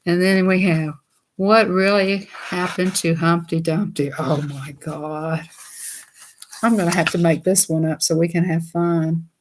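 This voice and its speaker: A woman's voice: lowish voice, slight background noise. A woman, reading children's books aloud in a chatty, giggly way and talking to her viewers. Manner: chatty, giggly, talks to viewers, reads slowly. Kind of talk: casual read-aloud chat.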